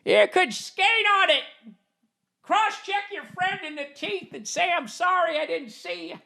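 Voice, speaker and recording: A man voicing a cranky old grandfather telling grandkids about the past in a high, drawn-out, shouting voice. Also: lively intonation, gravelly, heavily acted. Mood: reminiscing.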